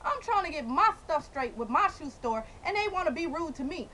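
Bright, high-voiced woman, outdoor comic vlog rant, faint noise behind. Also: fairly quick, poor audio. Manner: excitable, loud outbursts and dramatic repetition. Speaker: vlogger. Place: outdoors by a car. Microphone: handheld camera.

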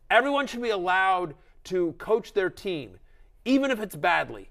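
Animated man ranting about fantasy football. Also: high-pitched, normal speed. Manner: animated, ranting, acts out quoted voices. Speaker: fantasy football show host. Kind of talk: excited sports analysis chat.

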